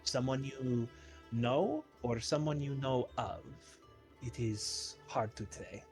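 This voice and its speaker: A man voicing a calm female tiefling fortune teller who speaks softly and formally. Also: mid-range voice, takes it slowly, soft background music, lightly acted. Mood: soothing. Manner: soft-spoken, soothing, formal.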